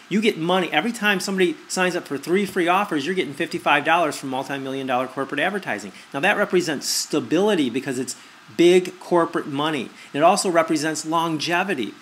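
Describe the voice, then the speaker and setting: A man acting as an online marketer gives a persuasive screen-recorded review, repeating his points and posing rhetorical questions. His voice is a little high and fairly bright, with a little hiss or hum in the recording.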